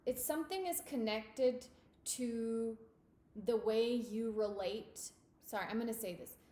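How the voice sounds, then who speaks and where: Woman tarot reader, unhurried and emphatic, intimate with listener, echoey room. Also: on the high side, a little mellow. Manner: intimate, emphatic, addresses listener as darling and babe. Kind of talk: tarot reading monologue.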